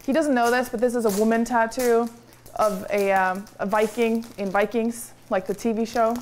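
A woman co-hosting a casual livestream from a room at home. Her voice sits a little high, and she talks loudly, swears freely and laughs a lot, with faint noise underneath. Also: steady tone, moderate pace. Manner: loud, swears and laughs often. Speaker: co-host of a livestream. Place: indoor home room with a fireplace.

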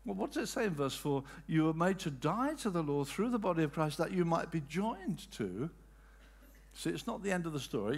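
Older man preaching with animated emphasis. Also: fairly high pitch, slightly rough. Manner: tells anecdotes with dramatic quoted voices. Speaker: pastor. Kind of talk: sermon.

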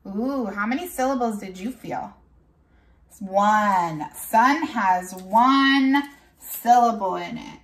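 A woman teacher leading a morning lesson for young children, speaking slowly and clearly and repeating words so the class can follow along. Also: mid-range voice. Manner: slow, clear, drawn-out classroom delivery; switches into Spanish for the date.

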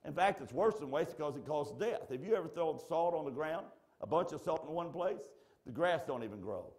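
Fervent preacher swinging loud to hushed. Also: male voice, fairly high pitch, expressive, fairly quick. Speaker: pastor. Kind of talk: sermon. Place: church sanctuary.

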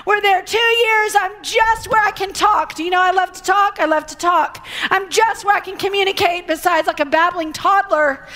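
A middle-aged woman, preaching as a guest speaker and telling a story in a lively, conversational way with acted-out quotes. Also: very high voice. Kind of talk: sermon.

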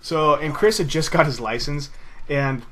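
This gaming video host is a young man with a fairly high, sharp voice, slightly raised, speaking at a measured pace. He tells a loose, casual story over gameplay commentary, swearing often and laughing at himself, while a faint hiss runs underneath.

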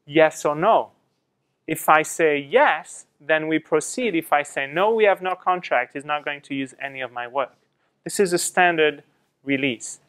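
Lively middle-aged man from France teaching a class. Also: fairly high pitch, clean tone. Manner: lively storytelling, quotes others in acted asides. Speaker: guest speaker presenting to students. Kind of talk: classroom talk with questions to students. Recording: fuzzy mic.

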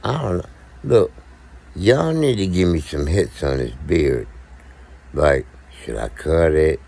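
A man's voice: very deep voice, animated, takes it slowly, gravelly, darkish tone. A man, co-hosting a podcast in a casual, blunt, profane monologue to viewers. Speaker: podcast co-host.

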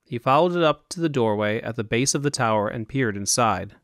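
A man reading scripted fantasy narration in a measured, even storytelling manner. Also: medium pitch, no room sound, clean studio sound. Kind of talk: audiobook narration.

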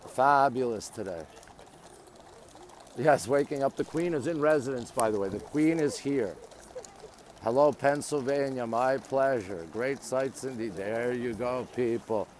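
Outside at a city landmark, a man walks and live-streams from his phone, keeping things chatty as he answers comments, greets viewers repeatedly, and keeps saying "there you go." His voice sits at medium pitch, unhurried, with a slight hiss or hum in the recording.

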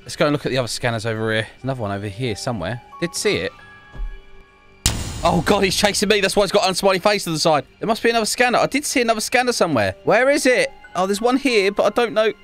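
A man giving chatty, excitable commentary while playing a video game, often exclaiming to himself. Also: fairly high pitch, fast, soft background music. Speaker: gaming YouTuber. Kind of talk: casual gameplay commentary.

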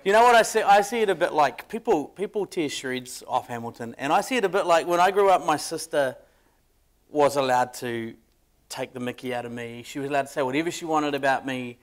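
Man, New Zealand accent, panel guest, rambling, self-mocking, raised pitch. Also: lively intonation, brisk. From Dunedin, New Zealand.

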